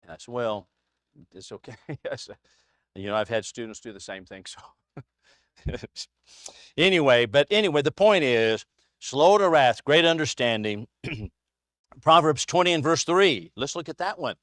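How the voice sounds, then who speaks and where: A man's voice: medium pitch, expressive, normal speed, long pauses, fairly bright tone, dry recording, clean studio sound. Chatty man teaching a Bible class. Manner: chatty and anecdotal, chuckles often. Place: church classroom with a small group.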